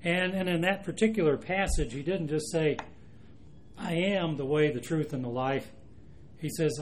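Guy preaching a sermon, kinda high voice, leans hard on the quotes, bit of hiss behind. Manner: emphatic, slows down to stress quoted scripture.

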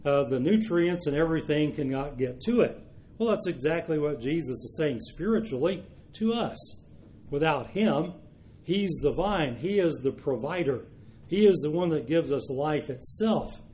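A man preaching a sermon, reading scripture aloud and explaining it, slowing down to stress key verses. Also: fairly high pitch, a little mellow. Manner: measured, slows for emphasis on key verses.

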